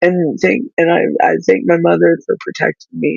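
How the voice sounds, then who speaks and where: A woman whose child is in foster care, speaking through tears in halting, pleading talk that stops and restarts. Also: on the low side, fairly even intonation, gravelly, a little mellow, no echo, dull audio. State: crying, tearful. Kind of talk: emotional livestream talk.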